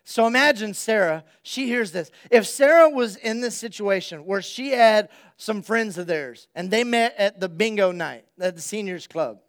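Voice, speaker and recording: A male pastor giving an energetic, conversational sermon and speaking straight to his congregation. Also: high-pitched, normal speed, hardly any pauses.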